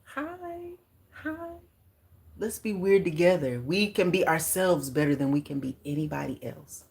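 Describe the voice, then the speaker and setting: A woman in her forties hosting a casual livestream, chatting in a lively, animated way with slang and sharing affirmations. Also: low-pitched, normal speed, gravelly. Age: 40s. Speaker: livestream host and author.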